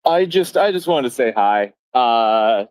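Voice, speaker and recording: A man's voice: mid-range voice, unhurried, dry recording, poor audio. Hyped guy calling in, stumbles over words, dry sound. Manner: excited, stammering. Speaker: caller. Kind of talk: casual call-in chat.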